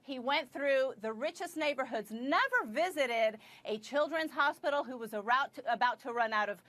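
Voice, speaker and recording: A woman's voice: sits high, lively intonation, normal speed, a bit bright, no room sound. A woman from Puerto Rico arguing on a cable news panel, passionate and firm. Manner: passionate, firm, pushes back. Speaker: panel commentator.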